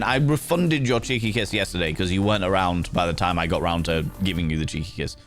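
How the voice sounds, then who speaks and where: A man's voice: sits low, fast, few pauses, faint music behind. A British man hosting a livestream, telling stories animatedly, swearing freely and teasing his chat. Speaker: livestream host. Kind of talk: casual chat with viewers.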